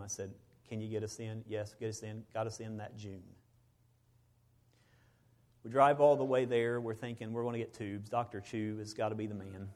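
A middle-aged man, a preacher, telling a personal story in a sermon, swinging between loud bursts and hushed moments. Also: lowish voice.

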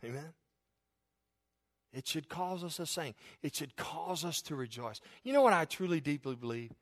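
A pastor's fairly high, expressive male voice carries a fervent sermon at a moderate pace. He alternates soft side comments with loud, rising statements, chuckling occasionally.

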